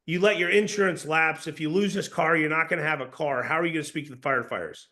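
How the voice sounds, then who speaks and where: A man coaching a sales team in a casual, energetic way, often calling people "dude" or "bro". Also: a little high, fast. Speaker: sales trainer.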